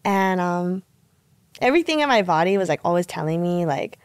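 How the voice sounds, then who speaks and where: A woman's voice: lowish voice, a little fast, smooth, no echo, studio quality. A woman in her twenties from Hawaii, a pro surfer guest telling a story in casual podcast talk, full of "like" and acted-out quotes. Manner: animated, acts out quotes, lots of "like".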